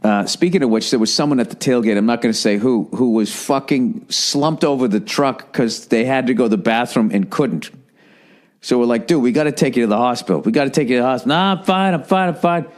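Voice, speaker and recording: A man's voice: medium pitch, fast talker. A middle-aged man hosting a podcast, telling stories in a casual, profane, rambling monologue with acted-out quotes. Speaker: podcast host.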